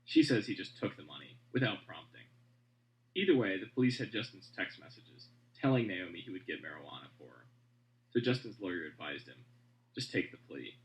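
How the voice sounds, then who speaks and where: A man reporting in measured, scripted radio narration and asking interview questions. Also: low voice, big pitch swings, poor audio.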